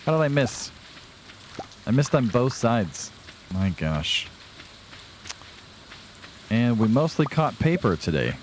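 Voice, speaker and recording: A man's voice: mid-range voice, big pitch swings, slow, long pauses, slight background noise. A young man casually commenting on his farming game to viewers, chatty and self-deprecating, a bit tired and yawning. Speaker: let's play host.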